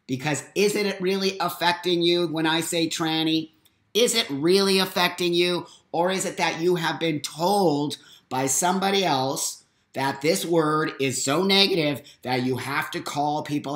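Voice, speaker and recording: A man's voice: a little high, fairly bright tone, echoey room. A middle-aged man hosting a live stream, delivering an emphatic, profanity-laced, preachy monologue.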